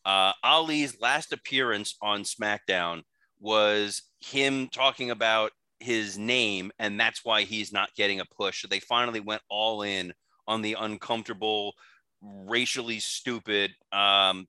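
Man, podcast co-host, low pitch, very bright sharp tone, earnest news recap, dry sound. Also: fairly even intonation, clear, resonant tone, dry recording. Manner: earnest, measured, profane asides. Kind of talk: casual chat, news recap.

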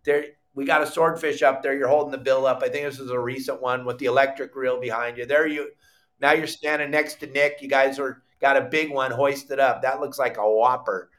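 A middle-aged man hosting a live fishing podcast, telling a story with lively acted-out quotes and bursts of shouting. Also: mid-range voice, fairly quick. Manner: animated storyteller, acts out quotes, shouts when excited. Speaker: podcast host.

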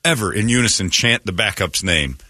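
A man's voice: on the low side, animated, fairly quick, pushed and bright, no room sound, studio quality. A man hosting a morning radio show, bantering in a brash, joking way. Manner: brash, joking, slips into mock voices.

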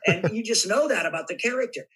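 A man telling animated stories in a casual interview, acting out bits of dialogue as he goes. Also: sits high, quick pace, husky, rough recording. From United States. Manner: animated raconteur, acts out voices in anecdotes. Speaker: guest actor. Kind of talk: casual interview chat, storytelling.

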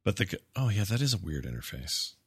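A man's voice: low-pitched, very animated, a little fast, breathy edge, no room sound, studio quality. A man hosting a casual podcast chat, talking animatedly and acting out the voices he quotes.

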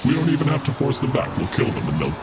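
A man's voice: medium pitch, big pitch swings, fast talker, heavy background noise, voice pushed up. A man voicing a menacing male devil who gives cold, commanding orders in a tabletop game.

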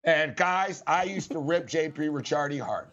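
Excitable high-voiced man, lo-fi sound. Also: normal speed, slight background noise. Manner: animated, excitable storyteller. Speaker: sports radio host. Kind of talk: casual storytelling chat. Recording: dull lo-fi audio.

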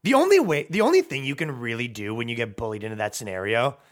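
A man hosting a podcast, telling a comedic story in a profane, rambling, animated way. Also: medium pitch, fast talker.

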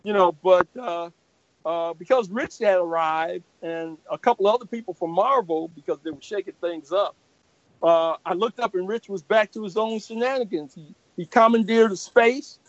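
An older man, a comic artist guest, telling lively anecdotes with laughs and acted-out voices. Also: high voice, normal speed, no echo. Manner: animated, laughing, acts out quoted voices. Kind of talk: anecdotal storytelling. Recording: dull lo-fi recording.

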